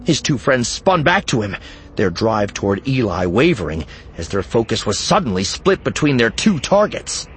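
A man reading an audiobook in scripted narration, dramatic and expressive, moving between hushed and urgent delivery. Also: medium pitch, moderate pace, a little hiss or hum.

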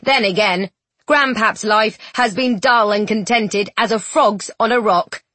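A woman's voice: medium pitch, measured pace, bright, forceful tone, no room sound. A woman voicing a cheerful, easygoing young male stage actor who talks in a friendly, joking, folksy way in a storybook reading.

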